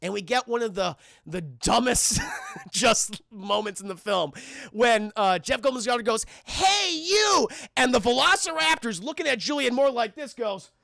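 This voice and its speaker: Animated high-voiced man reviewing a film. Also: moderate pace, gravelly, dry recording, studio quality. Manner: animated, swearing, doing silly character voices. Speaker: streamer reviewing a film with his chat. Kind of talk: casual film review chat.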